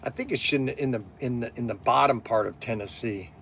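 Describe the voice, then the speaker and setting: A middle-aged man from Southern Ohio hosting a casual livestream, rambling and animated, laughing often as he talks. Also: mid-range voice, fairly quick, creaky, a little hiss or hum. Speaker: livestream host.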